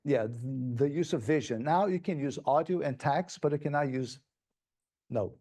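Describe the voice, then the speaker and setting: A man's voice: fairly high pitch, normal speed, mellow. A man giving a plenary conference presentation, speaking in an enthusiastic, conversational way with many restarts.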